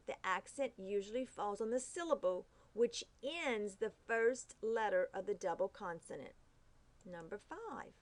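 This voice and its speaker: A woman teaching phonics rules, reading each rule slowly and carefully, sounding out the letters. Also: a little high. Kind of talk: phonics lesson.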